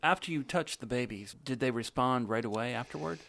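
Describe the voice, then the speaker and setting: A male radio show host interviewing a guest with calm, probing questions. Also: medium pitch, a little fast, creaky.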